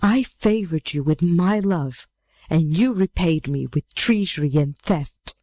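A scorned witch maiden hurls stern accusations, as a woman reads her lines. The voice sits low and mellow, and the recording is dry and close. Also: animated, a little slow, no room sound. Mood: accusing.

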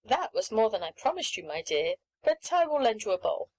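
A woman voicing a patient, gently firm mother in a storybook reading, speaking in a measured way. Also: medium pitch, big pitch swings, low-quality recording.

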